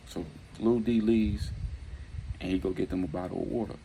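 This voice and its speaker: A man's voice: sits low, steady tone, moderate pace, vocal fry, dark tone, a little hiss or hum, rough recording. A man telling a gritty street story casually, full of slang, slipping in and out of quoted dialogue.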